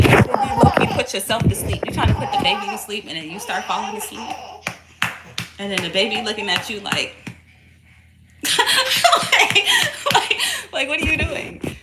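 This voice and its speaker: A young woman and mother chatting casually to camera at home. She laughs loudly and often, swears freely, and coos softly to her baby between remarks. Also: a little high, fairly quick. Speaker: mother vlogging. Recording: echoey room with steady noise.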